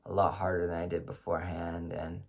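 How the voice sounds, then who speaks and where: A man's voice: deep voice, monotone, brisk, gravelly. A man contestant explaining his vote in a matter-of-fact confessional. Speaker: game contestant. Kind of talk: confessional monologue.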